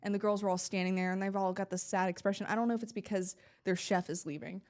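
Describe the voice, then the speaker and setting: Animated young woman telling a story. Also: medium pitch, fast talker. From Florida. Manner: animated, acts out quoted dialogue, laughs often. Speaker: podcast guest, reality TV contestant. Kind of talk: casual storytelling chat.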